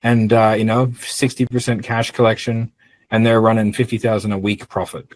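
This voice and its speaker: A middle-aged man, a business owner, chatting casually on a podcast in a blunt, profane, animated storytelling way. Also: fairly low pitch, normal speed, poor audio.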